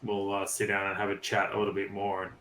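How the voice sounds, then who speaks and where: Low, bright man speaking in character. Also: monotone, roomy sound, slight background noise. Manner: measured, deliberate, in character. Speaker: player. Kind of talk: in-character tabletop role-play. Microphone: online voice call.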